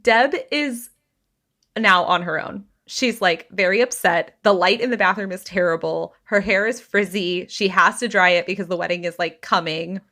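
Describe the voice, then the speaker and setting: A woman's voice: mid-range voice, moderate pace. Woman telling a story, acting out quotes. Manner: animated retelling, acting out quotes. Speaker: podcast host. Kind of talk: storytelling gossip chat.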